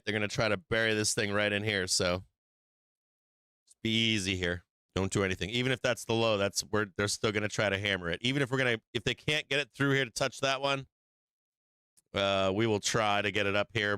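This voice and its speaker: A man's voice: fairly low pitch, fairly even intonation, a little fast, sharp tone, smooth, dry recording, studio quality. A man hosting a live stock market stream, commenting casually on charts, laughing often, swearing and teasing his chat. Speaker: stock market livestream host.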